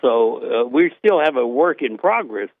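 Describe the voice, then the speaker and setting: An older man with a Southern US accent, a guest speaking in a hesitant, plain-spoken way with many pauses. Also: mid-range voice, sing-song, dry recording. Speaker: interview guest. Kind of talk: phone interview. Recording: dry tinny phone line.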